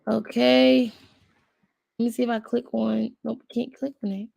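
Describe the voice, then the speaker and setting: A woman's voice: a little high, little pitch movement, a little slow, vocal fry, a little mellow, no room sound. A woman hosting a casual video, thinking aloud as she browses and reads web pages aloud to her viewers, with frequent fillers. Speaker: channel host. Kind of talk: casual commentary while browsing and reading aloud.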